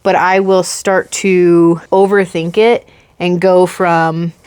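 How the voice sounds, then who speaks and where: A woman hosting a casual podcast chat. She talks in an animated, giggly way and acts out her reactions. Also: on the low side, slow pace, clear, resonant tone, no room sound. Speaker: podcast host.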